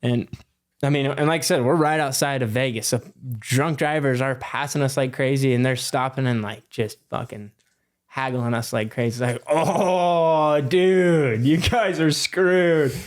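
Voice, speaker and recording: A young man in his twenties, a podcast guest telling a story in a loose, animated way with lots of fillers and swearing. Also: mid-range voice, moderate pace. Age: 20s. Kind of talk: casual storytelling.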